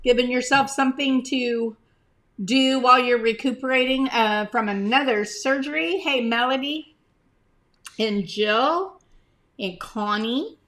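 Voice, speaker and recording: High and fairly bright, her voice keeps a measured pace during an easygoing live stream. She addresses viewers by name and displays items to the camera, now and then speaking mid-bite.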